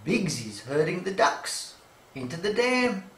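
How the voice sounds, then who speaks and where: Woman, children's story read-aloud, lively playful delivery, roomy echo. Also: low-pitched, measured pace, recorded from a distance. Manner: playful, imitating animal sounds. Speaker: storybook reader. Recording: echoey room.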